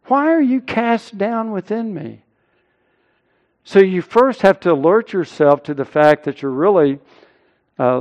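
A middle-aged male pastor preaching a sermon, earnest, rising loud and high when he quotes scripture.

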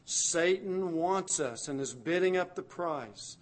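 Slow, dramatic male preacher. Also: high-pitched. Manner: dramatic storytelling, swinging from hushed to loud. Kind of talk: sermon.

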